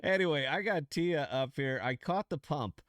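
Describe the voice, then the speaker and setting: A man's voice: a little high, lively intonation, normal speed, a bit bright, dry recording, clean studio sound. A man hosting a podcast, talking casually and candidly with plenty of fillers and restarts, joking at his own expense. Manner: loose, rambling, lots of fillers and restarts; candid, self-mocking about losses. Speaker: crypto trading podcast host. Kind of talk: casual solo screen-share commentary.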